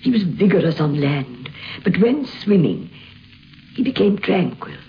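A woman reading a memoir aloud in a soft, calm way, in a dull lo-fi recording. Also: on the low side, unhurried, slight background noise. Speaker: narrator.

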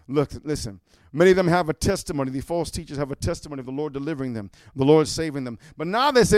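A male preacher with a high, smooth, resonant voice delivers a fiery sermon. He shouts often and keeps calling "amen?" to his congregation. The sound is dry and close, with no room echo. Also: quick pace.

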